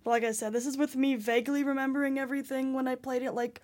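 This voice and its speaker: A young woman co-hosting a casual podcast, her voice a little on the high side. She hedges her opinions and lets her sentences trail off quietly. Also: level tone, fast.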